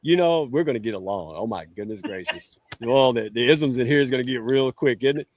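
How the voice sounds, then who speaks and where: A man's voice: medium pitch, fairly quick. Folksy man hosting a livestream. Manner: folksy, jokey, chatty. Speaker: talk show host. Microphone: live stream setup.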